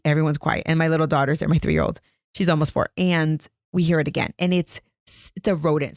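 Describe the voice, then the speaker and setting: A low-pitched woman with a gravelly edge tells a story into a close, dry microphone. She is a chatty podcast host in her thirties who mocks herself and laughs often. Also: no echo. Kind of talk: casual storytelling. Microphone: close podcast mic.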